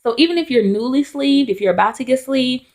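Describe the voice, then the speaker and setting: A young adult woman vlogging in casual chat to camera, telling stories in a chatty, animated way with candid asides. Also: high voice, brisk.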